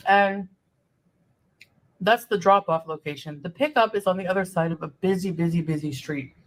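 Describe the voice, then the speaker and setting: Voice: mid-range voice, moderate pace, low-quality recording. A vlogger telling a rambling, chatty travel story while eating on camera. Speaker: vlogger in clip.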